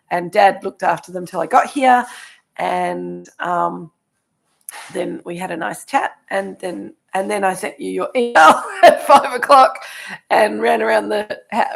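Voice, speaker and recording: A woman's voice: medium pitch, vocal fry. A middle-aged Australian woman hosting a live online wine tasting, telling a long story in a chatty way, a bit sniffly and losing her voice. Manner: chatty storyteller, warm greetings to viewers by name. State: sniffly, voice going hoarse. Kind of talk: casual live-stream chat.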